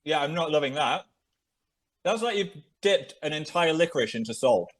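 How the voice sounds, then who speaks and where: A man's voice: on the high side, normal speed. A young man hosting a casual podcast chat, tasting sweets and laughing as he talks. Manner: animated, laughing, chews while talking. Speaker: podcast host.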